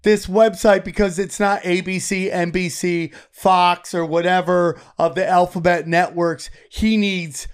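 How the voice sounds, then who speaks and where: A man with a high voice talks casually on a podcast. He is joking but indignant, and he rants about conspiracies. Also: fairly even intonation, a little slow, few pauses, smooth. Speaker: podcast co-host. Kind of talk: casual argumentative chat.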